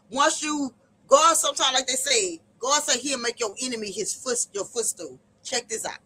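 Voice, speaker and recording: A woman's voice: on the high side, sharp tone, breathy edge, rough recording. A woman hosting a livestream, giving impassioned, preacherly personal testimony about hard times and faith. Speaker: livestream host.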